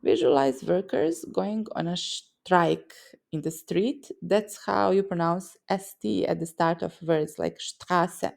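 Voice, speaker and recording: A woman from a Serbian-speaking region teaches pronunciation in a scripted lesson, her voice carrying heavy vocal fry. She talks in a lively way, building a vivid mental picture for each sound. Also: fairly low pitch, slow pace. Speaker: language teacher.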